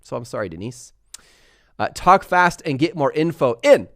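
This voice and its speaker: A young man hosting a live stream, chatting fast and laughing as he answers viewer questions. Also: a little high, big pitch swings, fairly bright tone, no echo, clean studio sound. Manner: fast-talking. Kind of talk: live Q&A chat.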